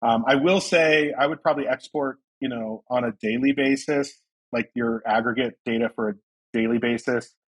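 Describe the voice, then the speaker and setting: A man from Ohio talking as a guest on a podcast, explaining things in a loose, relaxed way full of fillers. His voice is mid-pitched and a bit husky. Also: moderate pace, poor audio. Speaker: guest, company founder. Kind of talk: casual interview chat.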